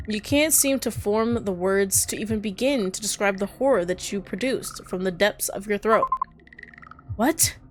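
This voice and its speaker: A woman streamer reading a horror visual novel aloud, with dramatic delivery broken by startled asides. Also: medium pitch.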